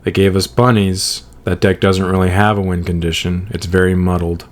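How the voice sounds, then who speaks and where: A man's voice: low voice, level tone, moderate pace. A man co-hosting a podcast, talking casually about card game decks in a laid-back, agreeable way, thinking aloud as he goes. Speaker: podcast co-host.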